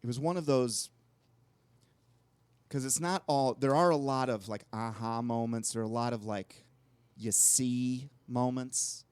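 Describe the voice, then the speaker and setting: A man's voice: medium pitch, measured pace, a little mellow, clear, resonant tone, no room sound. A man co-hosting a talk show, telling long rambling anecdotes in casual conversation. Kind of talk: casual storytelling chat.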